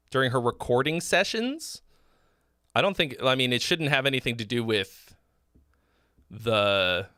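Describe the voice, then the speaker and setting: A man hosting a livestream, picking apart listeners' songs in a loose, frank way, swearing freely and circling back on his words. His voice is bright and forward, recorded dry and close with no room sound. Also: mid-range voice, clear, resonant tone, no echo. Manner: frank and loose, swearing, many fillers and restarts. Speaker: host giving song feedback. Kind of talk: casual livestream song critique.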